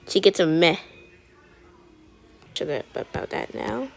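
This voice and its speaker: A woman's voice: on the low side, expressive, unhurried, vocal fry, pauses often, soft background music. A woman video creator chatting while she colors. She talks in a sassy, rambling way and often stumbles and restarts her words.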